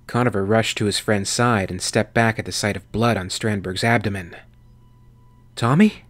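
A man narrating a sci-fi horror audiobook with steady, measured reading. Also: fairly low pitch, no echo, soft background music. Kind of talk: scripted narration.

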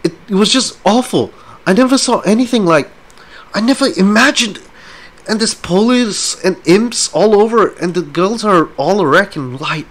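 A man's voice: high-pitched, animated, moderate pace, voice pushed up. A man reading aloud, voicing a distraught female dwarf who stammers through tears, breathless and shaken. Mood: panicked, tearful.

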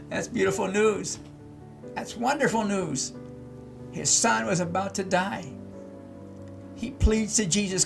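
Over background music, a middle-aged male pastor with a high, gravelly voice teaches scripture slowly, pausing often. He reads each verse and then explains it, repeating key words and putting questions to his listeners in this unhurried Bible-teaching sermon.

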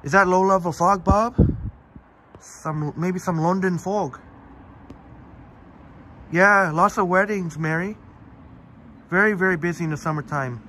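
A man's voice: sits high, moderate pace, pauses often, sharp tone, slight background noise. A man hosting a live-streamed walk outdoors, chatting casually and answering viewers by name. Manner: chatty, reads viewer comments aloud by name. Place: outdoors in a park, walking. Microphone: phone on a live stream.

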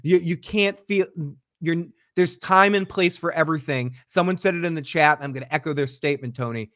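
A man's voice: a little high, brisk, fairly bright tone, no echo, clean studio sound. A man co-hosting an after show, chatting casually and animatedly about an episode, acting out the characters' lines with many restarts. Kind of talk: casual recap chat.

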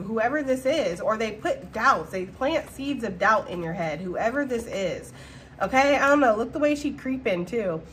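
A woman giving a casual, slangy tarot reading to her viewers, talking in an animated way with frequent laughter. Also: on the high side, slight background noise. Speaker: tarot reader.

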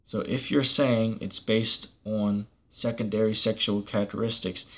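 A man's voice: lowish voice, steady tone, measured pace, a bit bright. A man preaching on a church channel in a heated, combative monologue, cursing and mocking the person he argues against.

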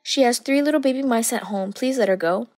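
A woman's voice: a little high, a little fast, a little mellow, dry recording, clean studio sound, close to an everyday voice. A woman reading as pleading toy dolls.

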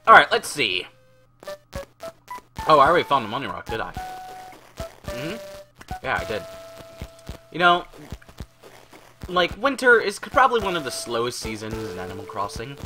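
Male let's-play host, playful rambling, animated delivery, game music under. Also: medium pitch, normal speed, long pauses. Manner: rambling, playful, swears and laughs often. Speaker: gaming channel host. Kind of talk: casual let's-play commentary. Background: video game music.

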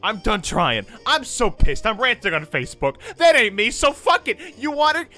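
Мужчина читает за обиженного парня, голос высокий, протяжный и язвительный. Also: male voice, high voice, very animated, normal speed, sharp tone, faint music behind, heavily acted. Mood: exasperated rant. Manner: drawling, exasperated, sarcastic. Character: bitter ranting young man, self-pitying.

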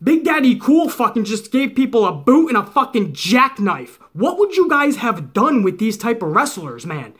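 A man's voice: extremely high pitch, big pitch swings, normal speed, hardly any pauses, a bit bright, breathy edge. A middle-aged man ranting heatedly as a wrestling commentator, profane and mocking.

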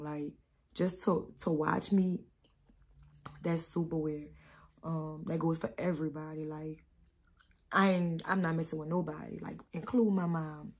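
New mom vlogging, low husky voice, rambling and candid. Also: female voice, steady tone, a little mellow. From New Orleans. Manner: candid, rambling, slow with many pauses. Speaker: vlogger, mother. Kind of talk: emotional casual vlog talk.

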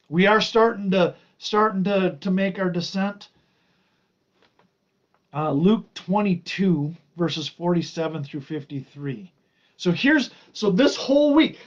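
A man's voice: sits high, highs cut off. A man teaching an informal Bible study, reading and explaining scripture, stressing and drawing out key words.

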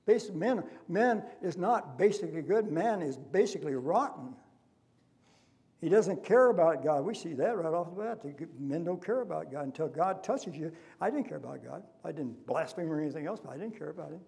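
Gravelly male pastor preaching. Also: on the high side, expressive, fairly quick, a little mellow. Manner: impassioned preaching with rhetorical questions. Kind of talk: sermon. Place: church sanctuary.

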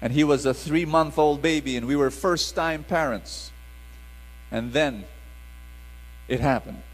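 A middle-aged man, preaching a sermon in an animated call-and-response style. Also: a little high, measured pace, in a large hall, poor audio.

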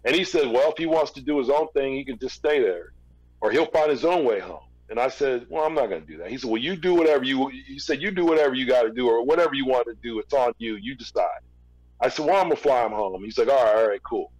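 A man in an interview, casually telling a long story with relaxed restarts. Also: medium pitch, fast, highs cut off. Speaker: interview guest, former record label executive.

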